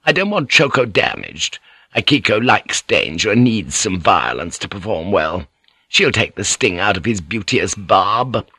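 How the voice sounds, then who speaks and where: A man voicing a shrewd middle-aged brothel madam in an audiobook, brisk and commanding. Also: lowish voice, very animated, bright, forceful tone, slightly rough, no room sound, clean studio sound, heavily acted. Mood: scheming.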